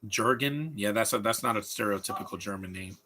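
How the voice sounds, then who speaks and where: A man's voice: lowish voice, fairly quick, bright, forceful tone, a little hiss or hum. A man giving live commentary over a film, opinionated and rambling, often restarting his sentences as he rants.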